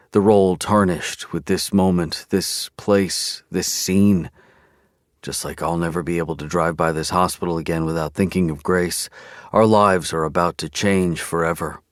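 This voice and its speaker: A man's voice: sits low, dry recording, studio quality. A man narrating an audiobook in first person, with a sardonic, drawling delivery.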